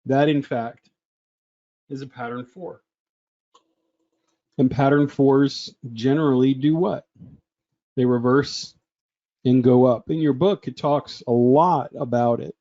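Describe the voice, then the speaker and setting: A man's voice: medium pitch, slow, long pauses, dark tone, lo-fi sound. A man presenting a trading webinar in a chatty way, often asking the audience questions.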